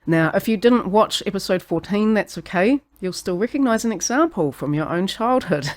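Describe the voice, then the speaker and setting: A podcast host with a New Zealand accent and medium pitch delivers a scripted philosophy monologue. The tone is sardonic and sweary, and the host laughs at their own jokes.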